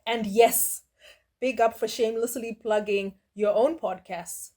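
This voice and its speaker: A middle-aged woman hosting a reaction video, talking in a sassy, blunt and mocking way, with quick dismissive asides. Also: a little high, steady tone, mellow. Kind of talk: casual reaction commentary.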